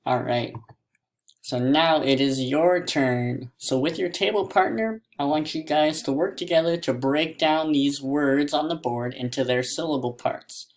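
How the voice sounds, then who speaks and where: A man teaching a classroom mini lesson, stretching words out slowly syllable by syllable. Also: fairly high pitch.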